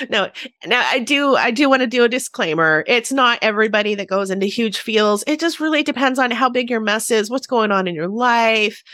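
A woman hosting a casual solo podcast, chatty, laughing often and swooping up and down in pitch. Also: fairly bright tone, no echo, clean studio sound. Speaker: podcast host.

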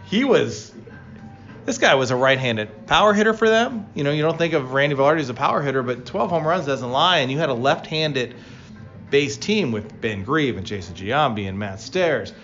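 A man co-hosting a casual baseball talk show, telling player stories with lively excitement. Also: normal speed, muffled recording, soft background music. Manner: storytelling, animated, rising pitch when excited. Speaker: baseball podcast co-host, former player. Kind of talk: casual sports chat.

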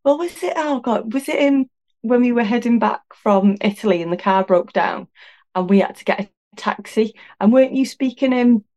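A woman's voice: fairly high pitch, moderate pace, a little mellow. A woman from North Wales with a North Wales accent, a podcast guest chatting casually and laughing often. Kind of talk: casual chat.

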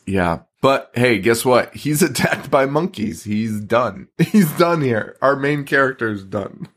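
A man's voice: medium pitch, a little slow. A man co-hosting a podcast in casual chat, swearing freely and breaking into laughter all the time. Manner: profane, laughs constantly, excitable. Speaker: podcast co-host.

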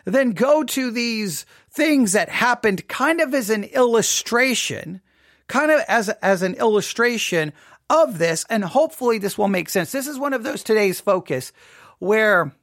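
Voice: medium pitch, fairly bright tone, no room sound, studio quality. A host of a daily devotional talk in a casual style, reading article lines aloud, repeating phrases and asking listeners rhetorical questions. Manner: reads article lines aloud and comments on them.

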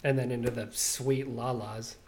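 Man, middle pitch, agreeable, casual music chat. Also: steady tone, moderate pace, a crowd in the background. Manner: agreeable, frequent murmured assent. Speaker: podcast co-host.

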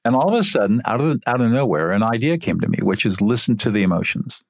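An older man, an interview guest, telling a story from his work in an earnest, animated way. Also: mid-range voice, fast talker, creaky, no room sound, studio quality.

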